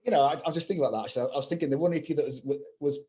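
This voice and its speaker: A man's voice: fairly high pitch, rapid-fire, mellow. A middle-aged man, a guest video game composer, rambling through anecdotes with lots of "you know" fillers in casual chat. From England.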